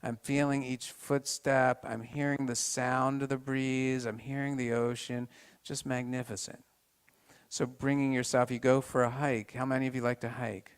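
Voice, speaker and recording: A man giving an informal health talk to a live group, halting with many restarts and turning to the audience with questions. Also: mid-range voice, level tone, clean tone.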